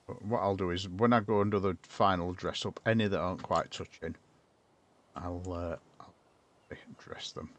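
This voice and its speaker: A man talks through his game build in a loose, rambling way. His voice sits a little low, and he keeps breaking off to answer viewers. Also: steady tone, moderate pace. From northern England. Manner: chatty, rambling, talks to chat while building. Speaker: streamer. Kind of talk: casual gameplay commentary.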